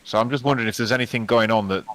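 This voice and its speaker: Bright-voiced man, tabletop player. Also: mid-range voice, fairly even intonation, racing, rough recording. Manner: chatty, thinking aloud. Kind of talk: casual tabletop game chat.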